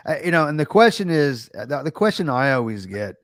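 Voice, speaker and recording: A man's voice: on the high side, very animated, fairly quick, fairly bright tone, no room sound, studio quality. An American man hosting a livestream, ranting sarcastically in casual chat with lots of restarts. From United States. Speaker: livestream host.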